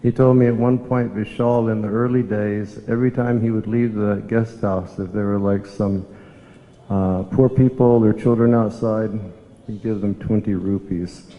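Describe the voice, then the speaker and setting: An older man from the States, telling reflective stories in a devotional memorial talk, unhurried and reminiscing. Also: lowish voice, steady tone. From Southern United States. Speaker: monk giving a memorial talk. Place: temple hall. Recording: echoey hall, dull lo-fi sound.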